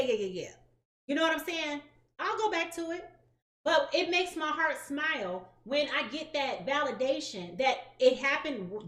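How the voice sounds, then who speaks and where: A woman tarot reader, talking straight to her viewers in a lively, sassy, emphatic way. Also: sits high, reverberant. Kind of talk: casual direct-to-camera chat.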